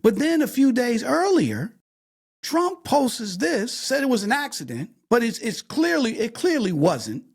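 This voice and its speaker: A man's voice: very high voice, very animated, a little slow, creaky, slightly rough. A man hosting a podcast discussion, talking emphatically and checking in with repeated "okay?" and "right?". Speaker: podcast host.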